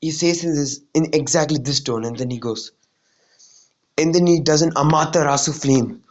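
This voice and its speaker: A man's voice: on the high side, normal speed, dull audio, a little hiss or hum. Rambling man retelling a fan story. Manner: rambling, full of "like" and "you know".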